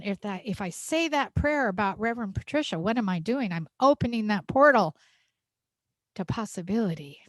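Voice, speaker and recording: A woman minister preaches with heartfelt emphasis and a fairly high voice. She laughs often as she speaks. The sound is dry, with little room echo. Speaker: senior minister. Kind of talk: sermon. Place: church sanctuary.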